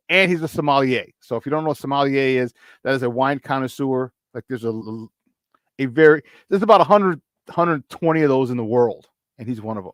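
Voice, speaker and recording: A man with a Chicago accent hosting a morning sports talk show, talking in an energetic, chatty way and repeating himself for emphasis. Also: medium pitch, fairly quick, no room sound, studio quality. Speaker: sports radio host.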